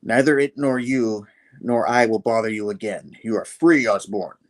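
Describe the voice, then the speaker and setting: A man voicing a stern male hunter who speaks in a formal, measured way. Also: lowish voice, natural voice, low-quality recording. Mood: grave.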